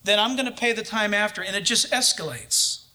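High, bright-voiced man telling a story. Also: a little fast. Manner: lively anecdotal storytelling, chuckling at times. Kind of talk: storytelling in a sermon.

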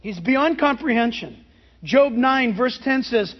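A man delivers a sermon as pastor, his voice pitched unusually high. He preaches with emphatic, animated energy, leaning on rhetorical questions. The recording sounds dull and lo-fi. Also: slow pace.

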